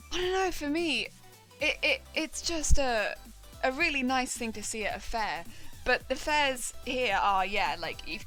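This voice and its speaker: A young woman chatting casually while she crafts on a live stream, rambling excitedly and laughing often. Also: medium pitch. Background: faint background music.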